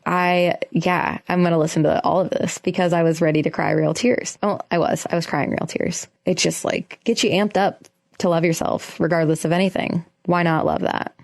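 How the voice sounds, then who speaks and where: Young woman, solo podcast host, earnest and emotional, slightly low voice, rambling casual talk. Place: quiet room.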